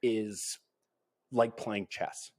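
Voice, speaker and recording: A man's voice: on the low side, steady tone, extremely slow, darkish tone. A man from Canada hosting a podcast, agreeing eagerly and explaining at length in casual chat. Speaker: podcast host.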